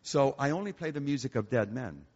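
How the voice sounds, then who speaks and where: An older concert pianist, appearing as a guest speaker, tells joking stories to an audience in a church hall, his mid-range voice moving a little fast. He's an animated storyteller, and the echoey hall gives the recording a dull, lo-fi sound.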